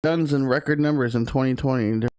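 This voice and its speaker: A man co-hosting a podcast in casual chat, laughing often and tossing in quick quips. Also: mid-range voice, fairly even intonation, darkish tone, smooth. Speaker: podcast co-host.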